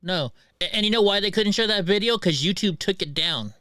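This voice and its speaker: A man hosting a casual livestream chat, telling animated stories and acting out both sides of his conversations. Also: high voice, fairly quick, no echo, studio quality. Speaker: livestream host.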